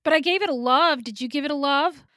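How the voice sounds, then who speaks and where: This is a talkative woman reviewing movies with a friend, her opinions quick and candid. Her voice sits on the higher side and sounds close and dry, with no room around it. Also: fairly bright tone, no room sound. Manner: opinionated, chatty, laughs often. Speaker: podcast co-host. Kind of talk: casual movie review chat.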